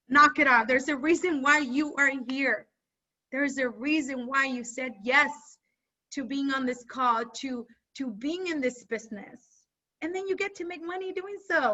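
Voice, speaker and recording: A high, bright woman coach fires up her group with energetic, no-nonsense pep talk. Her voice comes through dull, lo-fi video call audio. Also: moderate pace. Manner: energetic, rallying, talks straight to the group. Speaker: side hustle coach.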